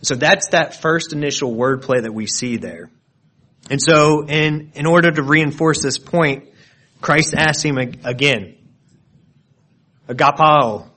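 A man's voice: fairly high pitch, slow pace, bright, forceful tone. A man preaching an expository sermon, explaining word meanings with frequent restarts and repeated words.

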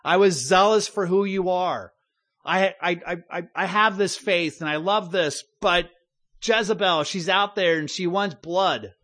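A man's voice: high voice, a little slow, a bit bright, pitched above the performer's own voice. A preacher voicing a fearful, worn-out prophet who pleads and stammers as he makes his case. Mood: pleading.

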